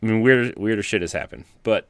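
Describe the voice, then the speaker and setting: A man with a very low voice hosts a casual chat and makes dry, wry asides. He is recorded close and dry, with no room sound at all. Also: a little fast, smooth, no echo. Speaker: podcast host.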